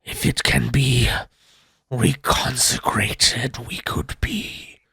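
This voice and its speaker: A man voicing a vengeful dragon knight wraith in a breathy, rasping whisper, as whispered role-play. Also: mid-range voice, lively intonation, takes it slowly, bright, forceful tone, no room sound, heavily acted. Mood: eerie, hushed.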